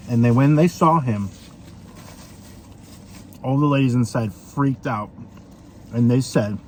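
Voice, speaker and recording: A man talks his way through a casual food review, rambling and chatty with plenty of ums and uhs. His voice sits at an ordinary middle pitch. Faint vehicle noise hums behind him. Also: slow pace, long pauses, darkish tone. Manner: chatty, rambling, with many fillers.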